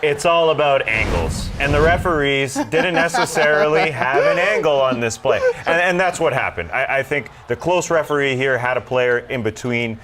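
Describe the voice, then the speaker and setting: A man's voice: medium pitch, expressive, normal speed, hardly any pauses, over a noisy crowd. A man co-hosting a sports talk show, breaking down plays with dry jokes.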